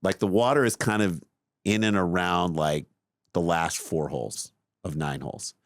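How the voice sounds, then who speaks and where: A middle-aged man co-hosting a podcast, telling a long story in a lively, self-mocking way. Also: low-pitched, normal speed, dry recording, clean studio sound. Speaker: podcast co-host. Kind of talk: casual chat, storytelling.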